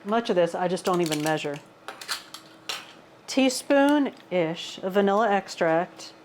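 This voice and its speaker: A woman's voice: on the low side, expressive, unhurried, darkish tone, a little hiss or hum. A woman, rambling casually through a home cooking and fitness vlog, calling her viewers "y'all". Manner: rambling, self-deprecating, says "y'all" a lot. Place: home kitchen.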